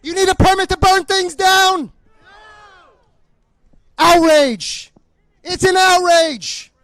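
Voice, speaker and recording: Angry high-pitched man shouting a rally speech. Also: slow, no echo, rough recording. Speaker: police union vice president. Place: outdoor park rally.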